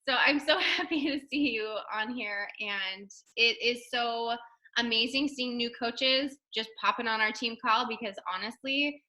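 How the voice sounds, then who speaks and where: A woman's voice: on the high side, measured pace, pushed and bright. A woman leading a casual team video call as a fitness coach, chatty and upbeat, full of fillers and acted-out quotes.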